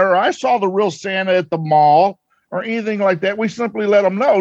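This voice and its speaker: A man's voice: high-pitched, a little fast, creaky, no room sound. A man who works as a Santa performer, talking in a folksy, jovial and earnest way during a casual interview. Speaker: professional Santa performer, guest. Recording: slightly dull, lo-fi sound.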